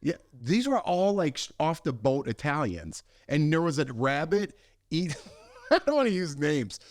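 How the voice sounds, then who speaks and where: Animated man telling a story. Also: fairly high pitch, measured pace, no room sound, clean studio sound. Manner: animated storyteller, acts out voices, laughs often. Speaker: podcast co-host. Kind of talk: casual storytelling chat.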